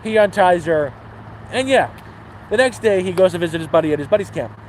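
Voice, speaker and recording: Man, casual livestream chat, crude, high-pitched, faint street noise. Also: animated, a little fast, poor audio. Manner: crude, swearing, laid-back. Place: outdoors near water.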